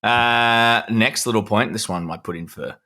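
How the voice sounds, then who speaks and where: Bright-toned Australian man, dry humor. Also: on the low side, a little slow. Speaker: podcast co-host reading the news. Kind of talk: casual podcast chat.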